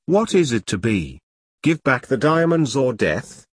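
A menacing female assassin speaking in clipped upper-class English, voiced by a man reading a story. Her delivery is cold and precise, with a husky, dry tone. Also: mid-range voice, big pitch swings, unhurried, no room sound. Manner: clipped, threatening.

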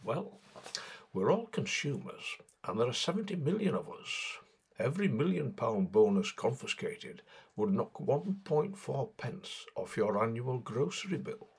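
A man's voice: medium pitch, big pitch swings, unhurried, husky. A man delivering sardonic satirical political commentary in a mocking, sarcastic way.

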